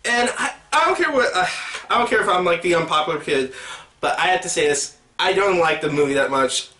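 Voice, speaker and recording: A man's voice: high-pitched, expressive, brisk, pushed and bright, roomy sound, recorded from a distance. A man giving a casual movie review for his channel, rambling and hesitant, with many fillers and restarts.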